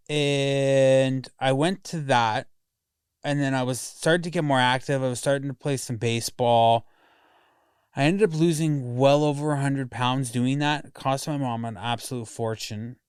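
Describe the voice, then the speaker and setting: With a smooth, medium-pitched voice at a measured pace, a podcast guest from a Greek heritage family speaks candidly and with emotion about his past, swearing freely along the way. The studio-quality recording has no echo.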